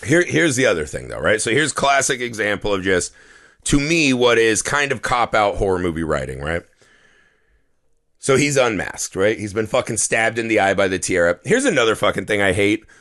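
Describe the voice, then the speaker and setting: A man's voice: lowish voice, normal speed. A man co-hosting a casual movie podcast, ranting and swearing as he picks apart a film. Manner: profane, ranting, animated. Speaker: podcast co-host. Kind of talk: casual movie review chat.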